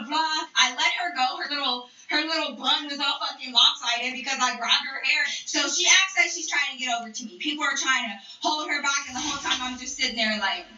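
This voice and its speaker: Young woman, storytime rant, animated and profane, bright sharp tone, roomy distant sound. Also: high-pitched. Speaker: live streamer. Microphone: streaming mic. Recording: echoey, distant, muffled room sound.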